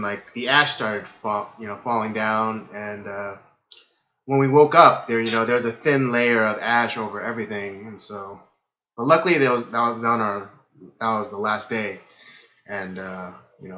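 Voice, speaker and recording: Hoarse male podcast host, rambling casual chat, bright edge, roomy and dull lo-fi sound. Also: medium pitch. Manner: rambling, many fillers.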